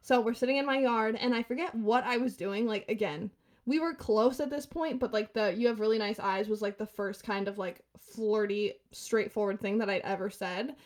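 A woman in her twenties telling a story in a casual podcast chat, talking fast and animated, laughing and acting out quotes. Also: medium pitch.

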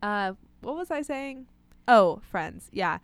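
A young woman co-hosting a casual chat, relaxed and self-deprecating, laughing often. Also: mid-range voice, slow pace, clear, resonant tone.

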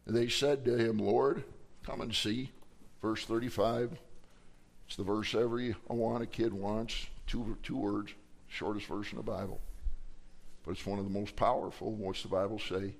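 A man's voice: fairly low pitch, little pitch movement, normal speed. A man preaching a Sunday sermon as pastor, acting out the people in the story in dramatic voices. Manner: preaching with dramatic acted quotes. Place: church sanctuary.

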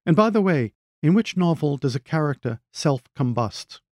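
A man's voice: on the high side, big pitch swings, normal speed, darkish tone, no room sound, clean studio sound, voice pushed up. A man reading a sardonic, needling uncle. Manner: mocking, pedantic wit. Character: sardonic middle-aged man, witty and needling. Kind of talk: reading own short story aloud.

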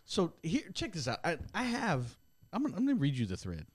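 Animated man telling a story. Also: on the high side, fairly quick, no room sound. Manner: animated storytelling, acts out quotes. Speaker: podcast co-host. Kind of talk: casual chat.

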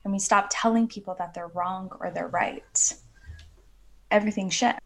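Woman in her 30s on a podcast, earnest rambly chat, lots of "like", bit of vocal fry. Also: medium pitch, fairly even intonation, moderate pace, fairly bright tone. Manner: earnest, flowing, many "like" fillers. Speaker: podcast guest, women's coach.

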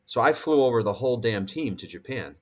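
A man in his forties from Connecticut, a podcast guest telling a story in a casual, animated and profane way. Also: medium pitch, brisk. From Connecticut, USA. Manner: animated, profane, acts out quoted dialogue. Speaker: podcast guest, former pro baseball player.

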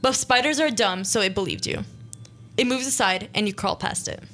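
A young woman hosting a small radio show, reading her own interactive story aloud in a playful, quick way. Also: mid-range voice, fairly bright tone. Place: small studio.

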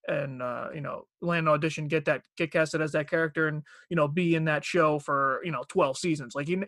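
A New man chatting as a podcast guest, loose and full of fillers. His voice is a shade higher than most men's. The podcast mic gives a close, dry sound. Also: dry recording. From Long Island, New York. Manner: relaxed, rambling, heavy on fillers. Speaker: guest voice actor. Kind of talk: casual podcast chat. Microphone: podcast microphone.

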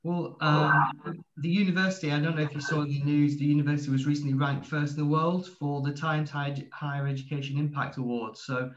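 Businesslike male guest, fairly high pitch, roomy lo-fi call audio. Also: level tone, fairly quick, a little hiss or hum. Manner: fluent, businesslike, occasional "um". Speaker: university partnerships director. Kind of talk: panel guest introduction. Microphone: video call. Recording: echoey, dull lo-fi call audio.

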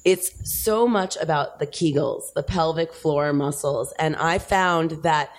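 A woman, a sex expert guest, chatting and explaining in an animated, instructive way. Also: deep voice, a little slow. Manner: animated, instructive, counts out exercises. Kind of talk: casual chat, explaining tips.

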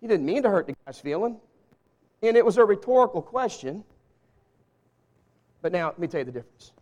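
Southern US pastor, fairly high voice, jokey and folksy with the crowd, long hall reverb. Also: male voice, very animated, fairly quick, long pauses, darkish tone, dull audio. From Southern US (Arkansas). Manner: folksy, jokey, talks straight to the congregation. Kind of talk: humorous sermon. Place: church sanctuary with a live congregation.

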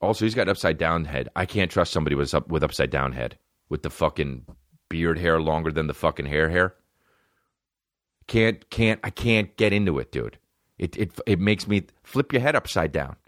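A man's voice: extremely low pitch, animated, normal speed, a bit bright, no room sound, clean studio sound. A young adult man hosting a comedy podcast, riffing in a profane, ranting monologue.

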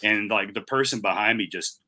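A man co-hosting a podcast, telling a story in casual chat with plenty of swearing and animated delivery. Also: lowish voice, moderate pace. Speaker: podcast co-host.

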